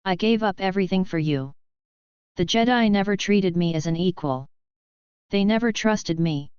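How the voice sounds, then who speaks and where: A woman's voice: medium pitch, normal speed, a little mellow, clear, resonant tone, no room sound, natural voice. A woman reading a story, voicing a furious, bitter young man who has turned to darkness, on a dull lo-fi recording. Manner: angry, bitter.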